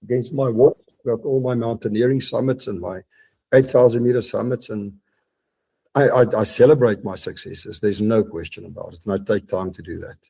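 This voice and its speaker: A man's voice: on the low side, a little fast, creaky, mellow, breathy edge. A man, a podcast guest talking reflectively from his home study, with frequent restarts. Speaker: guest, mountaineer and business leader. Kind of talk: casual podcast interview.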